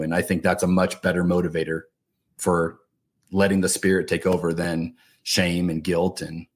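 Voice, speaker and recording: A man's voice: sits low, flat delivery, a little fast. A man hosting a podcast, a pastor who speaks in a reflective, conversational way with hesitant restarts.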